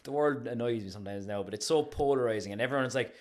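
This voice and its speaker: A man's voice: medium pitch, quick pace. A man hosting a podcast in casual chat, rambling and restarting his sentences, laughing often. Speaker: podcast host.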